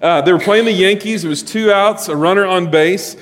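Joking pastor in a reverberant church. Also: male voice, sits high, a little fast. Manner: joking, storytelling, talks to congregation. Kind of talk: sermon. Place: church sanctuary. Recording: long hall reverb.

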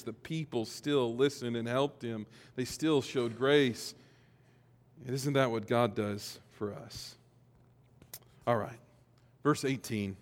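A male pastor with a bright, forceful, medium-pitched voice preaches in a folksy, joking style, leading his congregation in call-and-response as they repeat phrases back. The long reverb of a large hall surrounds him.

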